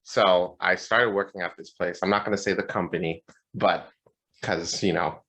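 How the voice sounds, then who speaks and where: A man co-hosting a podcast, telling a story in a casual, animated and profane way. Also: low voice, moderate pace. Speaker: podcast co-host. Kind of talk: casual chat.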